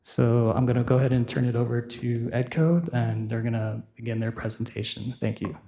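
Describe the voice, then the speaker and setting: A man introduces the next presenters at a city meeting, plainly reading out a short bio before handing over. His voice is mellow and unhurried. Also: medium pitch, little pitch movement, vocal fry. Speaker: meeting host introducing guests.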